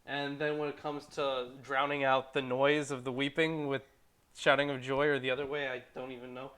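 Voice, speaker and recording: This podcast co-host reads scripture with irreverent, wry commentary, sometimes cursing and tripping over names on his casual discussion show. He speaks at a moderate pace in a mid-range, level voice with a fairly bright tone.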